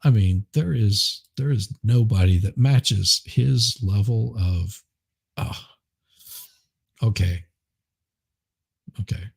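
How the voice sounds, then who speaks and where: A man's voice: lowish voice, takes it slowly, creaky, pauses often, darkish tone, slightly rough, no room sound, clean studio sound. A man hosting a live stream, rambling casually and chuckling as he reads chat. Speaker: livestream host.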